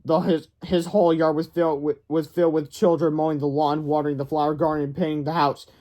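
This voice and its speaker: Read-aloud narrator, man, slightly high voice, stumbles and self-corrects. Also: flat delivery, quick pace, dark tone. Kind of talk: reading a children's book aloud.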